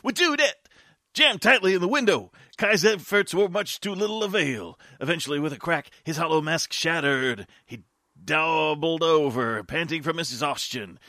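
A man co-hosting a comedy podcast, giving a comedic dramatic reading with bursts of shouting. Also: on the high side, expressive, normal speed, no echo, clean studio sound. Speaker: podcast co-host reading aloud.

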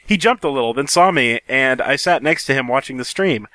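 A man co-hosting a comedy podcast, reading an amateur story aloud in a deadpan way and breaking into laughter. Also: medium pitch, a little fast, no room sound. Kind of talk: comedic reading of fan fiction.

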